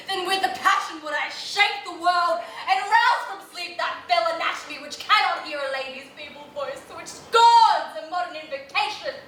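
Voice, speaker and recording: A woman's voice: very high voice, sharp tone, exaggerated voice. An actress playing a grieving, frantic royal mother half mad with loss, performing classical stage acting in an impassioned way. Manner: impassioned, swinging between wailing and bitter laughter. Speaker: acting student. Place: rehearsal room. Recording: echoey room taped from far off, noisy.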